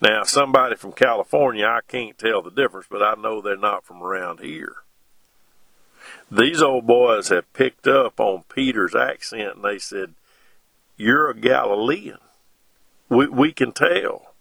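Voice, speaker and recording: A middle-aged man, preaching a sermon in a slow, folksy way with homespun asides between scripture readings. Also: fairly low pitch, gravelly, sharp tone, no echo.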